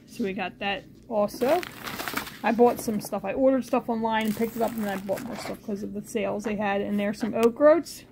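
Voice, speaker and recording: A woman with a high voice unpacks new things for her pet bird at home. She coos at the bird in a sing-song baby-talk tone, then turns back to the viewers with calmer explanations. Faint household noise sits under her voice. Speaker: pet bird owner filming her parrot. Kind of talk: casual home vlog.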